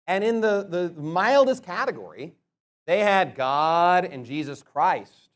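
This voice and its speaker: High-voiced man preaching emphatically. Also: animated. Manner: emphatic, rhetorical questions, slows to stress words. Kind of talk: sermon.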